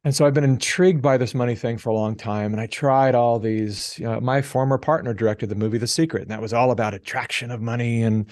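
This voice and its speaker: A middle-aged man telling a story as a podcast guest, animated and acting out the people he quotes. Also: mid-range voice, fast, few pauses, dry recording, clean studio sound. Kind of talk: casual storytelling interview.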